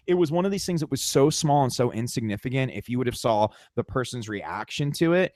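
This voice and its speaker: A man telling a tour story on a podcast in loose, casual chat. He swears freely and acts out quotes with sudden jumps in his voice. Medium pitch, dry and close. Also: animated, fairly quick, a little mellow, no echo. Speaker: podcast co-host.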